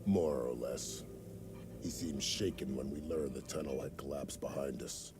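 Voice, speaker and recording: An actor voicing a gruff, weathered male scout in a video game, with an extremely deep, gravelly voice and a measured, matter-of-fact delivery. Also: over music. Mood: steady.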